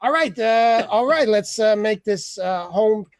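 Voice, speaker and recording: A man hosting an online open mic, teasing the comics with quick laughing asides over a video call. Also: high-pitched, animated. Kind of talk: casual hosting banter.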